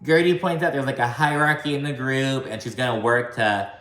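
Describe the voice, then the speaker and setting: A man recapping a reality show in a casual, profane vlog, talking fast and slurring words together, with a slight country twang. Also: medium pitch, fairly bright tone, roomy sound. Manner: chatty, swears often, says "like" a lot.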